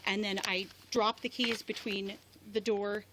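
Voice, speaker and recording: An upset woman gives her statement to a police officer beside a rural road, halting and shaken, restarting her sentences. Her voice sits at an ordinary middle pitch. The body camera audio carries clear background noise. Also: flat delivery. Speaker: person reporting an assault to police.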